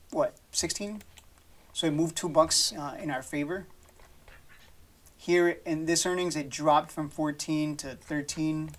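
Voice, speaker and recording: A man giving casual stock market commentary over charts, blunt and profane, rambling with frequent restarts. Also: on the high side. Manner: blunt, swears freely, dismissive of panic; loose and rambling with many restarts and fillers.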